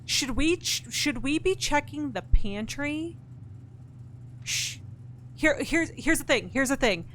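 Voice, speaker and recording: A woman's voice: sits high, lively intonation, slow pace, a bit bright, a little hiss or hum. Exasperated woman streamer swearing at a game. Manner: frustrated, swears a lot, thinks aloud; talks to chat and game characters directly. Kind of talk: live-streamed gameplay chat.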